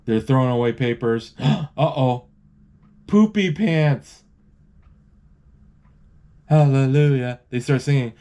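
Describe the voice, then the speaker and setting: Guy rambling through a movie live, middle pitch, keeps restarting words. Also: steady tone, moderate pace, few pauses, dark tone, clear, resonant tone. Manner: rambling, stops and restarts, reads out lines. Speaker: movie describer. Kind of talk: casual live movie narration.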